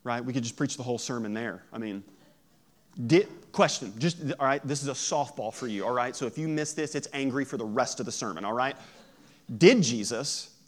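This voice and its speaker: A man preaching a sermon in a lively, joking way, acting out quoted voices. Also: medium pitch. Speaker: pastor.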